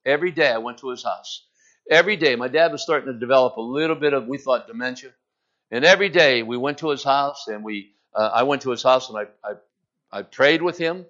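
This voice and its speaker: A middle-aged man preaching a sermon, retelling a story with emphasis and acting out its quotes, then telling a personal story in a quieter, conversational way. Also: medium pitch, brisk. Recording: dull lo-fi filmed sermon.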